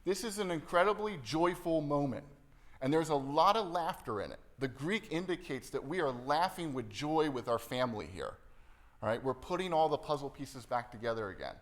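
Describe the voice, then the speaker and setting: A man's voice: a little high, expressive, moderate pace. A man, the pastor, preaching a sermon in a conversational style. He keeps checking in with the congregation and acts out quoted lines playfully. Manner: conversational, checks in with the room often ("right?", "okay?").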